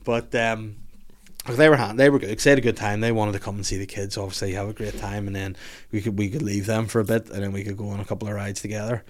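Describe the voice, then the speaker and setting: A man's voice: on the low side, flat delivery, fast talker. A man telling a story on a podcast. He laughs through it, swears freely and acts out other people's voices when he quotes them. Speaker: comedian guest. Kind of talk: casual storytelling chat. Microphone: podcast microphone.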